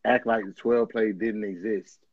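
A man's voice: fairly low pitch, fairly even intonation, moderate pace, slightly rough, dry recording. A man co-hosting a casual podcast chat, slangy and emphatic. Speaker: podcast co-host. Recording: dull dry lo-fi recording.

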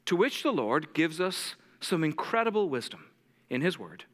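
Male lead pastor, high-ish sharp voice, intense fast preaching, long church echo. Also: sing-song. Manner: intense, fast-talking preacher who drops to a soft hush for scripture. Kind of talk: sermon. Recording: long church hall reverb.

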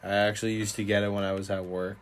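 A man's voice: lowish voice, little pitch movement, quick pace, slight background noise. A young man co-hosting a podcast in casual chat, laid-back and swearing often. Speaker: podcast co-host.

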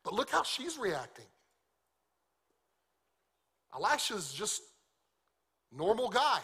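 A male pastor preaching a sermon in an animated, conversational, joking way. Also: high voice, takes it slowly, long pauses, husky.

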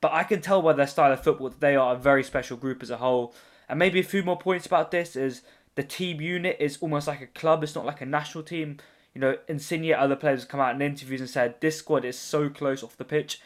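A man's voice: a little high, fast talker. A man hosting a casual football podcast, joking and rambling as he leads the chat. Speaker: podcast host.

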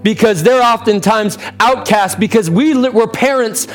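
A man in his thirties, a pastor preaching a sermon in church, impassioned, with big swings in pitch and pace. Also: moderate pace, faint music behind.

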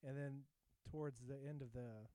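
Mellow-voiced man in casual podcast chat. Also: medium pitch, fairly even intonation, dry recording, poor audio. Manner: rambling, halting, reads out results. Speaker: podcast co-host.

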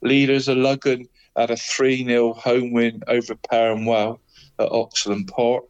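A man's voice: medium pitch, little pitch movement, measured pace, smooth, muffled recording. A man co-hosting a casual football chat, rambling through results and tagging nearly every phrase with "mate". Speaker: co-host giving local football results.

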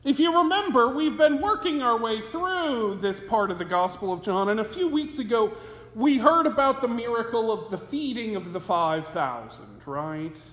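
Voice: mid-range voice, lively intonation, moderate pace, a bit bright. A pastor preaching a sermon in a conversational way, asking the listeners rhetorical questions, recorded in a church sanctuary. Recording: echoey hall with long reverb.

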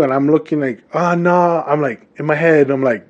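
Podcast host from Hawaii, thirties, slightly high voice, animated casual storytelling, dull lo-fi recording. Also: male voice, moderate pace, hardly any pauses. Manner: animated, talks straight to listeners. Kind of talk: casual monologue.

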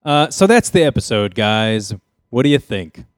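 A man hosting a comedy podcast, interviewing a guest with wry, deadpan banter. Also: medium pitch, moderate pace, clean tone, no echo. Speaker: podcast host. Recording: dry close studio mic.

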